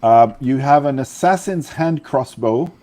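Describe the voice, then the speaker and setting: A man's voice: mid-range voice, a little slow, mellow. Rambling male game master. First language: French. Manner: rambling, self-correcting explanations. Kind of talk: narrating a tabletop game.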